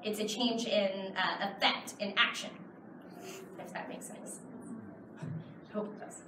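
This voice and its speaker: A woman's voice: medium pitch, fairly even intonation, takes it slowly, recorded from a distance, noisy background. Woman talking in a big echoey convention hall. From Texas. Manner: chatty, explains with many fillers. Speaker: convention panel guest. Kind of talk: audience Q and A. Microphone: far camera in the audience.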